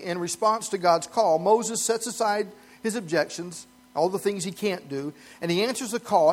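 High-voiced man preaching a sermon. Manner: earnest, emphatic preaching with light laughs. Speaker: pastor.

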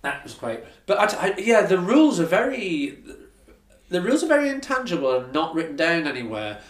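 A man's voice: a little high, sing-song, brisk, reverberant. A man hosting a casual interview, chatty and digressive, with self-deprecating asides. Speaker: podcast host.

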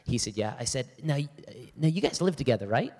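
A man's voice: mid-range voice, expressive, fast, darkish tone, long reverb tail. A male pastor giving a church talk, telling a story animatedly and acting out both sides of a conversation before a live audience.

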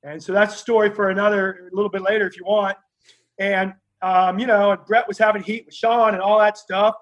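A man telling lively stories as a guest, acting out the other people in his tales. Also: sits high, a little fast, highs cut off. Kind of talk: animated anecdotal storytelling.

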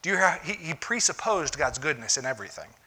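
A man's voice: on the high side, big pitch swings, fast talker, pushed and bright, husky. A man preaching a conversational sermon in a church, emphatic and often cutting in with "listen" to press a point. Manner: emphatic, keeps saying "listen". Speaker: pastor.

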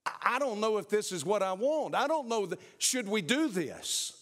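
A man's voice: high-pitched, big pitch swings, fairly bright tone, voice pushed up. A man voicing a young man who hesitates and halts over his words. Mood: unsure. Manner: hesitant and halting.

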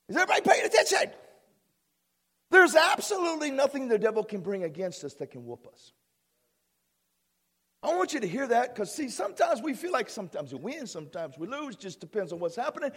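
A middle-aged man, a pastor, preaching an excitable sermon that swings between shouted declarations and hushed asides. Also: very high-pitched, normal speed, gravelly. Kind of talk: fervent sermon. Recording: long hall reverb.

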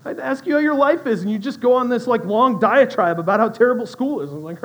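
A young adult man preaching a sermon in a conversational style, with animated asides to his audience. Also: very high voice, quick pace, rough recording. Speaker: pastor.

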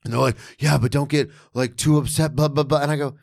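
A man's voice: a little high, steady tone, quick pace, creaky, a little mellow, no room sound, clean studio sound. A man hosting a casual podcast, blunt and sarcastic, swearing often. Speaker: podcast host.

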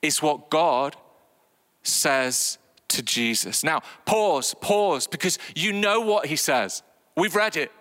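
A man preaching a sermon, animated and acting out voices with big swings in pitch. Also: takes it slowly, in a large hall.

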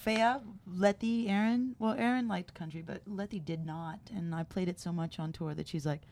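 Easygoing woman guest, lowish voice. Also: normal speed, gravelly, darkish tone, a little hiss or hum. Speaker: band member guest. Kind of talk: casual interview chat.

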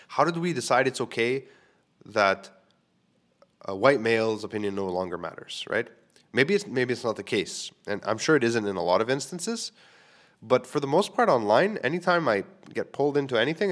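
A man's voice: mid-range voice, fairly bright tone. A man in his thirties from Quebec hosting a solo podcast, talking candidly and rambling with frequent fillers. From Quebec, Canada. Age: 30s. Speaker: podcast host.

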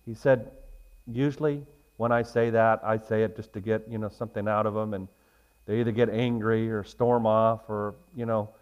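A pastor preaching a sermon who swings between loud, emphatic points and a quieter, conversational storytelling voice. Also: male voice, mid-range voice, highs cut off. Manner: rises to loud emphatic points, then drops to a soft storytelling tone.

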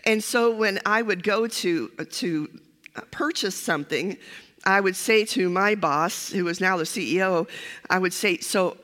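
In a church sanctuary with hall reverb, an older woman who once served as a pastor gives a humorous guest sermon. She's chatty and self-deprecating, using many fillers, and her medium-pitched voice is unhurried and slightly bright.

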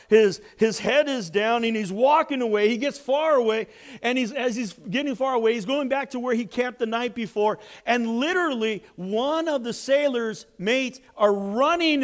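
A man preaching a sermon as a story, animated and swinging between hushed and loud. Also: sits high, moderate pace.

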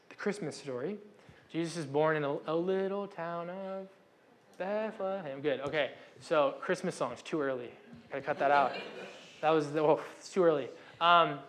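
Young male pastor, casual conversational sermon, slightly higher voice, self-interrupting, acts out the dialogue.

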